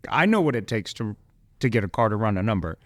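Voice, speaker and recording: A man hosting a casual podcast, relaxed, prompting his guest with short encouraging questions. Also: fairly low pitch, fast. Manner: relaxed, brief encouraging interjections. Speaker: podcast host. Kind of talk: casual interview.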